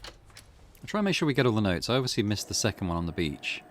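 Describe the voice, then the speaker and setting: A man hosting a let's play, reading in-game notes aloud and muttering relaxed asides as he explores. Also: lowish voice, fast talker, a little hiss or hum. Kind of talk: gameplay commentary.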